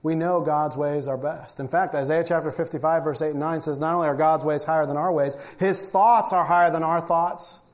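A man's voice: fairly high pitch, steady tone, brisk, few pauses. A man preaching a sermon, reading scripture aloud and pressing his points with emphasis. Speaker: pastor.

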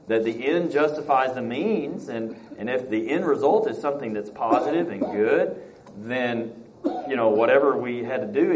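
A man's voice: medium pitch, a little hiss or hum, poor audio. A man teaching a Bible study class, reading passages aloud and asking the class questions. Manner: reads scripture aloud, acts out quotes, asks the class questions.

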